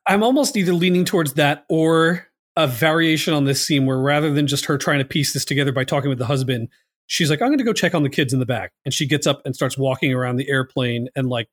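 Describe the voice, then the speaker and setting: A man's voice: on the high side, steady tone, fairly quick, no echo. A man hosting a casual movie podcast, rambling with lots of fillers and "like.". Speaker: podcast host.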